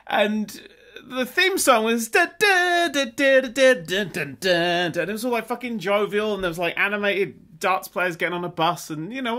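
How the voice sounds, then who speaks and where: A man's voice: high-pitched, pushed and bright. A man playing a video game, sarcastic and sweary, mocking the game and humming its tunes. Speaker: gaming YouTuber. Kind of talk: swearing, sarcastic let's play commentary.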